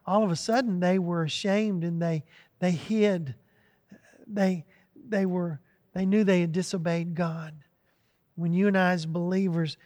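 A male pastor with a fairly high voice delivers an earnest sermon. He sometimes sinks into a soft, contrite tone when voicing a prayer. His words ring out with the long reverb of a large church hall. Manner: earnest, acts out prayers in a hushed, broken voice.

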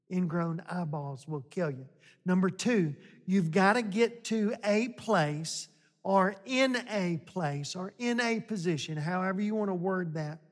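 A man preaching a sermon, talking to the congregation in a conversational way and building to emphatic points. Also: sits high. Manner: slow, conversational, rising to emphatic exhortation. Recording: long hall reverb.

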